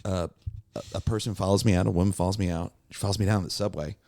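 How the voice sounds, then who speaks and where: A man, a warm-up comedian and podcast guest, telling anecdotes in casual chat and acting out the voices of people in his stories. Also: sits low, fast, vocal fry, no room sound. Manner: lively anecdotes, acts out quoted voices.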